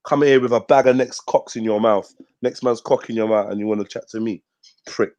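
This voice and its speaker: A man's voice: fairly low pitch, fairly even intonation, fairly quick, darkish tone, no room sound. A man hosting a live stream, talking bluntly with lots of swearing and street slang. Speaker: host of a live news talk stream. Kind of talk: casual livestream rant.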